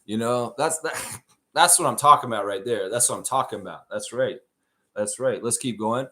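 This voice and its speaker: Man, live stream host, casual chat, swears a lot, animated rants, mid pitch. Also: normal speed. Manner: profane, animated rant reading chat.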